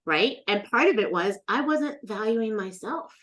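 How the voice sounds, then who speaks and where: A middle-aged woman tells a long personal story in a relaxed interview. Her pitch swings widely as she acts out the other people in the tale. She talks into a podcast mic. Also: normal speed. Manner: animated storyteller, acts out quoted voices. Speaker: guest.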